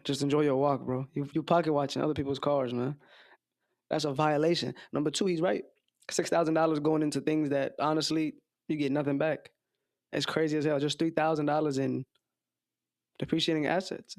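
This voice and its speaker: A man's voice: on the high side, creaky, darkish tone, no room sound, clean studio sound. A man hosting reaction commentary, blunt and scolding, with slangy asides. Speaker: commentary host reacting to clips.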